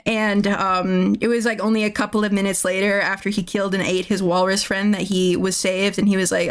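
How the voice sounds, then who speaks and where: Smooth-voiced woman rambling a movie recap. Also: medium pitch, flat delivery, a little fast, hardly any pauses. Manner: rambling, laughing at own jokes, frequent restarts, swears casually. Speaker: streamer.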